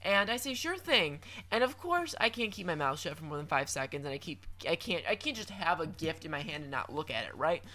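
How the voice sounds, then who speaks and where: A man's voice: on the high side, sing-song, fast talker, hardly any pauses, pushed and bright, a little hiss or hum. A young man giving chatty, playful commentary over a video game, with lots of stammered restarts and mock-dramatic asides. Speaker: gaming commentator.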